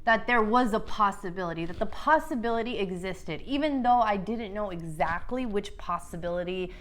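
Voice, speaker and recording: A woman's voice: mid-range voice, moderate pace, fairly bright tone, a little hiss or hum. A woman hosting a vlog, casually telling a personal story to camera, chatty and earnest, with lots of "like" and mild swearing. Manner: earnest, builds to emotional emphasis.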